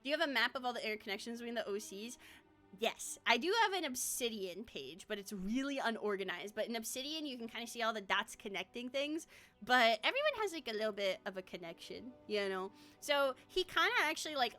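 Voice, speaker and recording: Woman streamer, high-pitched, rambling casual chat full of fillers and laughs. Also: bright, forceful tone. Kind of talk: casual chat about her own characters.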